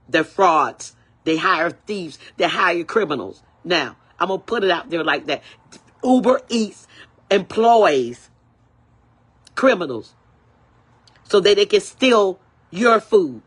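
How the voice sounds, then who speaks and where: An older woman on a livestream, ranting angrily and repeating herself, swearing freely, with a husky voice. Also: mid-range voice, a bit bright. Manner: angry, repetitive, profane. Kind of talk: angry livestream rant.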